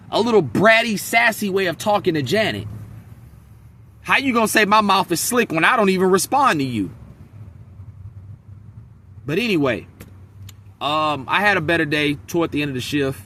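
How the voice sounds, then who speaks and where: A man's voice: high-pitched, pushed and bright, breathy edge. A man venting bluntly and with profanity in a casual vlog monologue, telling stories from his work day. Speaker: vlogger. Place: outdoors in a wooded area near a freeway.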